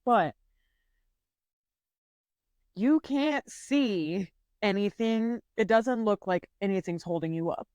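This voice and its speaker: A woman co-hosting a podcast, talking in a relaxed, meandering way in casual chat. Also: medium pitch, takes it slowly, long pauses, clean tone, no room sound. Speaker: podcast co-host.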